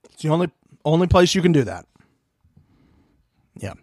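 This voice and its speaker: A man co-hosting a casual recap podcast, animated and swearing often, acting out what people said. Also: fairly high pitch, moderate pace, breathy edge, dry recording, clean studio sound. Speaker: podcast co-host.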